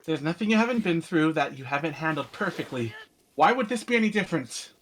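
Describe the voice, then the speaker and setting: A man's voice: fairly high pitch, big pitch swings, fast talker, fairly bright tone, a little hiss or hum. A man reading the part of a nervous woman maid who tries to sound composed. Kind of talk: casual fan story reading.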